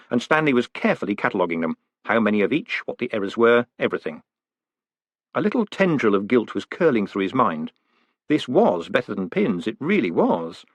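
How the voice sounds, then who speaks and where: A man reading a fantasy novel aloud as an audiobook, with expressive, wry storytelling. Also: lowish voice, husky, no echo. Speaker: audiobook narrator. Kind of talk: audiobook narration.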